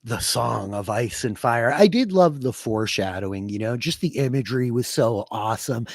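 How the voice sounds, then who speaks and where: A man co-hosting a casual podcast, talking enthusiastically and quickly about a television series. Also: medium pitch, no echo, clean studio sound. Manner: enthusiastic, fast plugs and excited asides. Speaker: podcast co-host.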